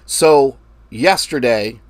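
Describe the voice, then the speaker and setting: A man's voice: mid-range voice, extremely slow, dry recording. Casual man projecting into a close mic. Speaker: forex trading livestream host. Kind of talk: casual live-stream talk. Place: traveling, recording himself. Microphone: mic held very close to mouth.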